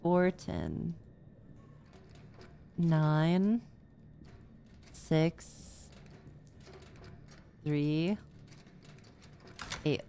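Female streamer, playful gameplay chat, slow drawl. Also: low voice, slight background noise. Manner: chatty, playful, excitable. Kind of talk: casual gameplay commentary.

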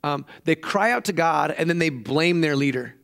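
A man preaching a sermon in an animated storytelling manner. His voice sits a little higher than most men's, and it climbs even higher whenever he acts out the people in the story he is retelling. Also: moderate pace, vocal fry. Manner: animated storytelling, acting out quoted voices with raised pitch. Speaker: pastor. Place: church.

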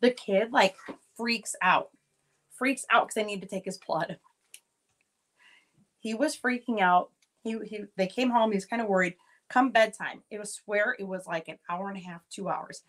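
A woman's voice: normal speed, fairly bright tone, rough recording. Chatty woman hosting a live jewelry sale. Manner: rambling storytelling with many fillers; acts out her kids' lines in a higher voice. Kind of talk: casual chatty live selling.

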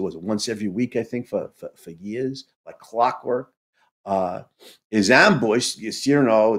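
A man in a podcast conversation, retelling a play emotionally, halting and restarting often. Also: lowish voice. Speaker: podcast co-host.

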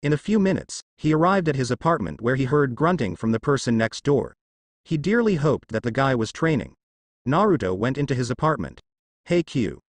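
A man narrating a fan story aloud in a steady storytelling manner, close to the mic. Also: mid-range voice, a little fast, dry recording.

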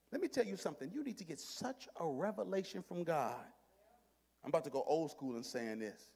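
High-voiced man preaching in a reverberant church. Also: lively intonation, fairly quick, vocal fry, breathy edge. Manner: dynamic preaching, swinging from shouts to hushed near-whispers; talks directly to the congregation in call-and-response. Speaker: pastor. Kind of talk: sermon. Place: church sanctuary. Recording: long hall reverb in a church.

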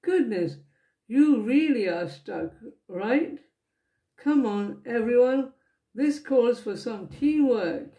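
A woman's voice: fairly high pitch, lively intonation, slow pace, dark tone, echoey room. A woman doing a cheerful storybook gardener. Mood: encouraging. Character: friendly, helpful gardener, a grown man.

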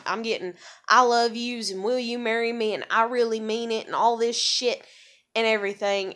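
An American woman ranting in a vlog, angry, profane and rambling, her voice jumping high when heated. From USA. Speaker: vlogger. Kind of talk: ranting monologue.

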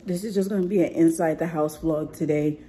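A woman's voice: low voice, fairly even intonation, fairly quick, mellow, slight background noise. A young woman vlogging at home while sick and losing her voice, chatting and laughing with her viewers. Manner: chatty, laughs often, talks straight to viewers. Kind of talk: casual chat to camera. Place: at home indoors.

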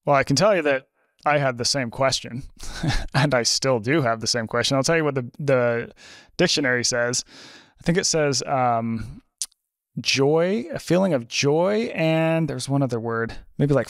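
Man, podcast guest, lively storyteller, dry close sound, medium pitch. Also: normal speed, no echo. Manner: lively storyteller, many fillers. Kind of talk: conversational interview.

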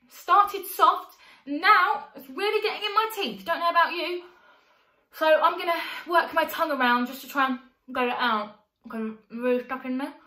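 A young woman vocal coach, leading a children's online warm-up in a playful, encouraging way and singing along to demonstrate. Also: high voice, reverberant.

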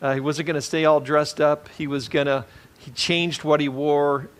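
A man preaching a conversational sermon as a pastor, relaxed and rambling, with many fillers and restarts. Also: on the high side, moderate pace.

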